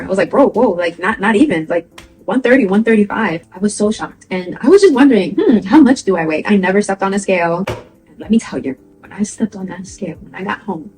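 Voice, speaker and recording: A young woman talks casually to camera, sharing a personal story in a chatty, animated way. She laughs often and slips into quick impressions of people. Her voice sits at a middle pitch, with soft music playing faintly behind her. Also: poor audio. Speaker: vlogger.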